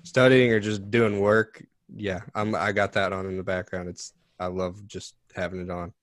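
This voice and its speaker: A man's voice: sits low, little pitch movement, normal speed, no echo, studio quality. A man co-hosting a podcast, easygoing and laid-back as he asks questions. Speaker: podcast co-host. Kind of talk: casual chat.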